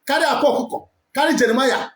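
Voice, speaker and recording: A man with a Nigerian accent preaching forcefully as a prophet, switching between English, Pidgin and Igbo. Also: very high voice, quick pace. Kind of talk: preaching to camera. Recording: echoey room.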